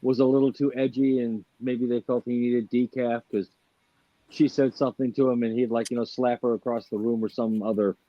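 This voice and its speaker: A middle-aged man from Michigan chatting casually, halting and restarting often. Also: mid-range voice, flat delivery, no room sound. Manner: halting, many restarts and fillers. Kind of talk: casual chat. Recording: dull, dry lo-fi audio.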